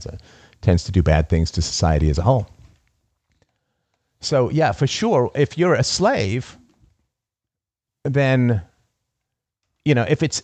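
A man's voice: medium pitch, darkish tone, no echo. A man hosting a call-in show, talking emphatically, repeating key phrases and laughing at his own stories. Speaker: podcast host. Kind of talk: call-in conversation.

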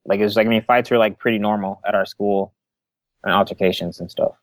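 A man's voice: on the low side, steady tone, fast, no room sound. A young man calling in to a talk show, rambling in a casual way, with lots of "like" and frequent chuckles. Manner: rambling, many "like" fillers, chuckling. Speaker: caller. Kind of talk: casual call-in chat.

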